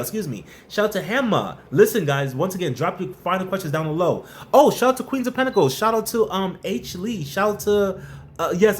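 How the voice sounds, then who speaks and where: A man hosting a live stream, chatting casually, giving viewers shout-outs and blunt, tough-love workplace advice. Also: sits high, slight background noise.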